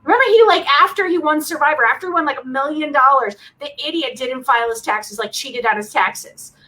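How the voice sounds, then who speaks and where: A woman with a high, bright voice co-hosting a casual podcast. She talks in an animated, opinionated way and teases her co-host, with a sharp edge to her tone. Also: a little fast, rough recording. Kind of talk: casual chat.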